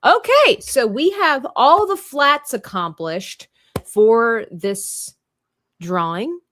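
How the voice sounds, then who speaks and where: A woman hosting a live drawing stream chats playfully and thinks out loud as she works. Her voice is a little high, animated and fairly bright, and she speaks slowly.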